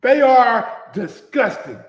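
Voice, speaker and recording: A man hosting a sports commentary show, ranting casually with lots of profanity and swinging between low mutters and loud shouts, in a manner. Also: big pitch swings, takes it slowly, reverberant.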